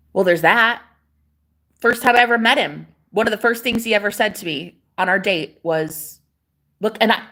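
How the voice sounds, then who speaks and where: Here a woman with a medium-pitched, fairly bright voice talks as a manifestation coach. It's a loose vlog monologue, emphatic and profane, drifting from one topic to another.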